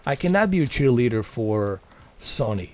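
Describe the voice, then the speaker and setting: A man's voice: mid-range voice, big pitch swings, moderate pace, a little mellow, no echo. A man livestreaming gameplay, ranting in a repetitive, exasperated way and talking straight to his viewers. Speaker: gaming livestreamer. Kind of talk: live gameplay commentary.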